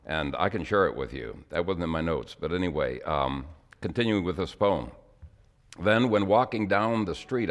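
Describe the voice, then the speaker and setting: A man preaching a sermon in an earnest way, growing emotional as he reads a poem aloud, with fillers and throat-clearing between phrases. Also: sits low.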